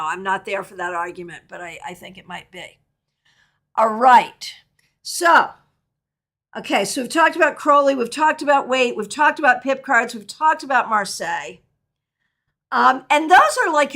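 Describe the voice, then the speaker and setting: Bright chatty woman teaching tarot. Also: on the high side. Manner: chatty, candid and opinionated. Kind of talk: live online workshop, reading viewer questions.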